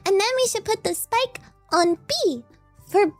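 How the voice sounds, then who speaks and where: A woman putting on a silly, squeaky, high-pitched voice for a bubbly female gamer calling out plays. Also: lively intonation, measured pace, faint music behind. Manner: high, sing-song and silly.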